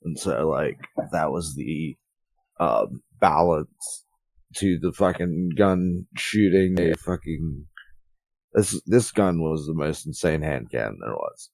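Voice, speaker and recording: A man's voice: rumbling low, animated, slow pace, gravelly, a little mellow, dry recording. A man co-hosting a podcast, chatting casually with rambling, profane storytelling. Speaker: podcast co-host. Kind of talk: casual chat.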